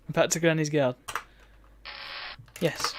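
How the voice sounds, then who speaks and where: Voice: mid-range voice, steady tone, drawn-out words, a little hiss or hum. A streamer, chatting wryly and reading game text aloud while playing a retro game. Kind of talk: let's play commentary.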